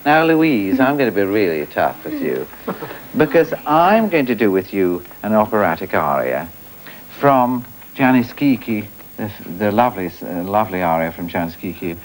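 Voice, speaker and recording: A man's voice: on the low side, very animated, moderate pace, a little hiss or hum, low-quality recording. A middle-aged man teaching singing, chatty and encouraging, sometimes singing phrases to show how they go. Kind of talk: coaching singers in a studio class.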